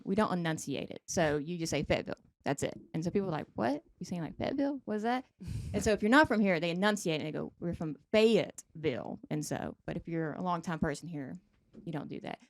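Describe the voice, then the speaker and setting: A chatty woman with a Southern US accent hosting a casual podcast, bubbly and quick to laugh. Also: fairly low pitch, a little mellow, no room sound, clean studio sound. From Georgia. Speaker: podcast host. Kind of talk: casual chat.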